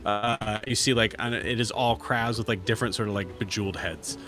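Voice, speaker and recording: A man running a tabletop game as game master, describing items in halting, filler-heavy casual speech. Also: lowish voice, fairly even intonation, over music.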